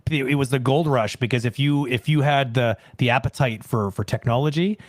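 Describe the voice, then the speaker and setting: A man's voice: mid-range voice, a little fast, no room sound, studio quality. A man hosting an interview, chiming in with brief agreeing remarks. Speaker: host. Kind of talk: casual interview chat.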